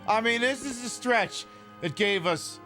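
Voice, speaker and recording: Male streamer, profane rambling commentary over clear background music. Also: extremely high pitch, a little slow, bright, forceful tone. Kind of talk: casual gameplay commentary.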